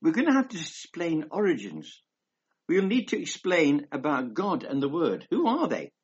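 Man, preacher, husky voice, dull lo-fi recording, rambling emphatic delivery. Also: fairly high pitch, huge pitch swings, moderate pace. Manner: rambling, emphatic, reads scripture aloud. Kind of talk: conversational sermon.

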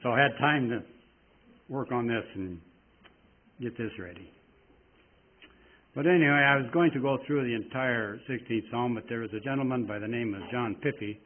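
A man preaching a sermon in a folksy, rambling way, reading scripture slowly with strong emphasis. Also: mid-range voice. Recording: tinny phone-like sound.

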